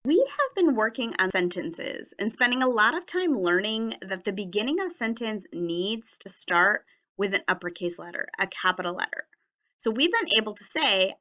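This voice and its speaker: A woman teacher leading a children's writing lesson on video, speaking slowly and enunciating words carefully so young learners can follow. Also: mid-range voice, expressive, pushed and bright, lo-fi sound. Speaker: elementary teacher.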